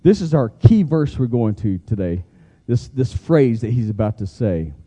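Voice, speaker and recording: Animated preaching man. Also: mid-range voice, moderate pace. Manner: animated, emphatic, leads the crowd in repeating phrases. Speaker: pastor. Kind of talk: sermon.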